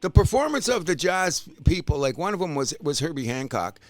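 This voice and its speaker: A Canadian man co-hosting a casual sports podcast, loud and rambling, swinging between shouting and muttering. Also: fairly high pitch, sing-song, brisk, dry recording, soft background music. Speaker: podcast co-host.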